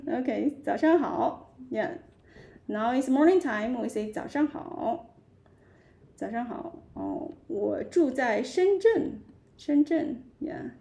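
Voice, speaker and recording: A woman teaches a live beginner language class online, patiently repeating each word. Her voice sits a little high, with a gravelly fry running through it. She talks at a slow, deliberate pace. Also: mellow. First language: Chinese. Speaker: Chinese teacher.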